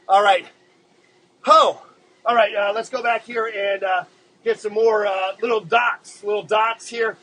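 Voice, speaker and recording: A man hosting a casual live-streamed drawing show, chatting to viewers in a laid-back, rambling way with many halting filler words. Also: high-pitched, level tone, a bit bright, rough recording.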